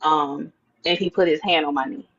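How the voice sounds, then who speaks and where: A woman telling a lively personal story in an interview, acting out her own thoughts and the other people's words. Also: low-pitched, normal speed, vocal fry, breathy edge, dull audio. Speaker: interview guest. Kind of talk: animated storytelling.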